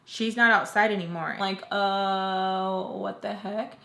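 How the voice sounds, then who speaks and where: Woman vlogger spinning a dramatic storytime, casual and lively, in a roomy space. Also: mid-range voice, slow pace, creaky. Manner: animated, slangy storytelling that acts out quoted dialogue; talks while doing her makeup. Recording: roomy room with faint hum.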